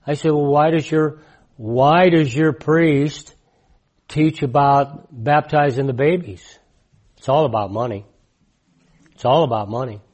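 A man in his sixties preaching in a conversational, emphatic way, repeating his key points and swinging from loud to hushed. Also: fairly high pitch, unhurried, pauses often. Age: 60s. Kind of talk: conversational sermon testimony.

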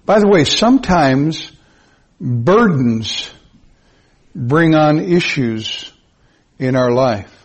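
Male pastor, sermon, husky, slightly high voice, emphatic repeats, surging pitch. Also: animated, drawn-out words, long pauses. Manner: emphatic, repetitive preaching with sudden rises in pitch.

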